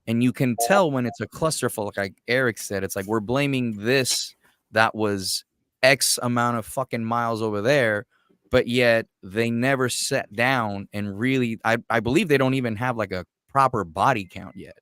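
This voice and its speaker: A man speaking as a guest on a casual podcast, making his points in a measured, deliberate way. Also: medium pitch, fairly bright tone, clear, resonant tone, dry recording, clean studio sound.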